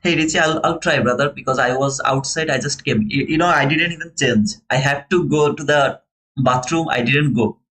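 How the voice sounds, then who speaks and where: Speaking at normal speed in a high-leaning, slightly bright voice, this young futures trader narrates his live trades for viewers. He has a non-native English accent, keeps things casual and earnest, and addresses his audience as brother, though the recording is rough.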